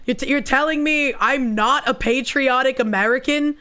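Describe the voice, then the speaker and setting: Bright-voiced sarcastic young woman streamer. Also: sits high, moderate pace. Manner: sarcastic, swearing, rambling asides. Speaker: streamer reacting to a video. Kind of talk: casual commentary.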